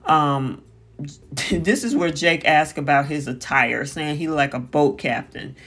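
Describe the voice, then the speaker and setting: A host giving a casual spoken recap of a reality TV episode, paraphrasing what the cast said and filling pauses with "um" and "you know". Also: mid-range voice, fairly bright tone, husky. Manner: chatty, paraphrasing with frequent fillers.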